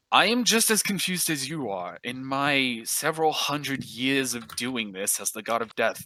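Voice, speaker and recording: A man voicing a friendly, weary middle-aged male god of death who talks in a gentle, bewildered, apologetic way. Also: mid-range voice, rough recording. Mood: flustered.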